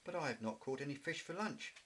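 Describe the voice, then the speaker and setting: A man's voice: fairly high pitch, animated, fast, fairly bright tone, a little hiss or hum, pitched above the performer's own voice. A man doing a dopey little boy bear. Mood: innocent. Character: sleepy, easygoing young boy bear.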